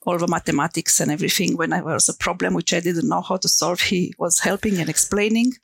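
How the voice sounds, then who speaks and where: A woman's voice: lowish voice, fairly even intonation, quick pace, creaky, slightly rough, dry recording. A middle-aged woman from Romania with a Romanian accent, talking hesitantly as an interview guest, with many fillers and laughs. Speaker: guest, entrepreneur. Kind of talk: conversational interview.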